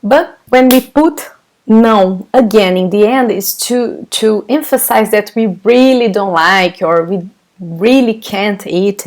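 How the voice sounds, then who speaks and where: This Brazilian woman's voice is fairly high-pitched with a darkish tone, carrying a Brazilian Portuguese accent. She's running a live online class, teaching her native language in English and patiently working through explanations and chat questions.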